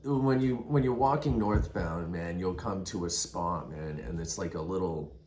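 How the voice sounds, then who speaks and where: Very low-voiced laid-back hiker guy. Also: normal speed, a little mellow, roomy sound, slight background noise. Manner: rambling, says "man" and "dude" constantly. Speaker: hiker vlogger. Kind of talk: casual storytelling.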